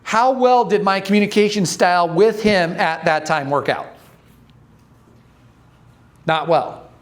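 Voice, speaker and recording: A man giving a talk to an audience, telling stories, quizzing the crowd and acting out the voices in his stories. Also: sits high. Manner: storytelling, asks the audience questions, acts out voices. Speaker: speaker training dental or medical teams.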